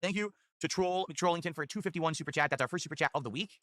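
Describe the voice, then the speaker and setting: A man's voice: on the high side, very fast, a bit bright, dry recording, studio quality. A man livestreaming, thanking donors and boasting in a chatty, casual way.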